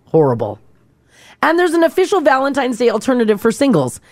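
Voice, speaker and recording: A woman co-hosting a casual radio chat, telling stories with lots of laughter and reading out little facts. Her pitch moves freely across a wide range, and the studio sound is dry and close. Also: huge pitch swings, fairly quick, a little mellow, no room sound. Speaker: radio show co-host.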